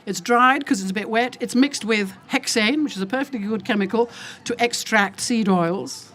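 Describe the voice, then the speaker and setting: An older woman lectures a festival crowd with emphatic indignation. She rambles and digresses, and her voice jumps up and down in pitch. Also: normal speed. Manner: addresses the audience as ladies and gentlemen; lively, with wide jumps in pitch. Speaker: olive oil seller giving a talk. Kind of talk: festival talk to an audience. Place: outdoor food festival.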